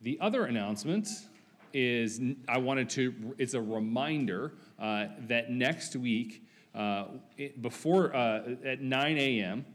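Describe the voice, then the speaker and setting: A man's voice: mid-range voice, expressive, takes it slowly. A man giving announcements at a church service, speaking hesitantly with many fillers. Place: church sanctuary.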